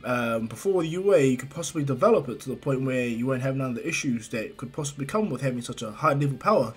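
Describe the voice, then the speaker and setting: A man's voice: medium pitch, expressive, fast, slightly rough. A man doing a hearty adult hero mentor.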